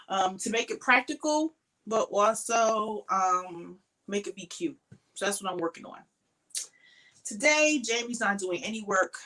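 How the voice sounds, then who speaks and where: A tired woman chats through a crochet livestream from her craft shed at home. She greets viewers by name and trails off with ums. Her voice is bright and clear, with a mid pitch. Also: low-quality recording. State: tired, sleepy. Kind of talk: casual livestream chat.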